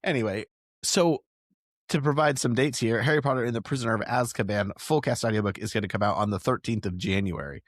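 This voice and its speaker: A man's voice: medium pitch, quick pace, dry recording, studio quality. A man co-hosting a podcast, talking in a chatty, jokey way. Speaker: podcast co-host. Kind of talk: casual chat.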